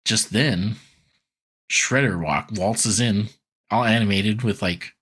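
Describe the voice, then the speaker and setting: A man's voice: fairly low pitch, takes it slowly, a bit bright, husky. A man co-hosting a podcast, retelling a cartoon episode loosely with lots of "like" and quoted voices. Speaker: podcast co-host. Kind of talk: casual podcast recap.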